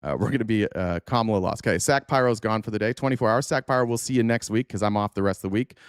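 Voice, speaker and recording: A man's voice: lowish voice, fast, smooth, dry recording, clean studio sound. A man hosting a live stream, heatedly and sarcastically scolding his chat and swearing freely. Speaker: livestream host reacting to news. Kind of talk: profane live-stream rant.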